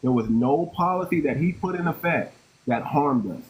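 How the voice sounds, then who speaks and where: A man's voice: a little high, animated, normal speed, a little hiss or hum, poor audio. A man hosting a live online group discussion, talking firmly and keeping control of the floor. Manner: firm, takes charge of the floor. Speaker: host.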